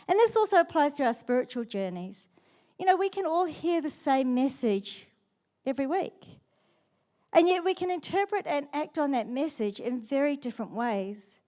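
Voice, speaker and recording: Woman, pastor, sermon in church, playful lively storytelling, high voice.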